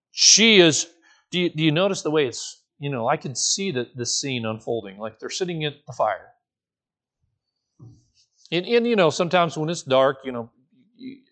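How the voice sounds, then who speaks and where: Animated man preaching with acted voices. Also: medium pitch. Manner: animated, acts out the quoted voices, frequent restarts. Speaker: pastor. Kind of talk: sermon.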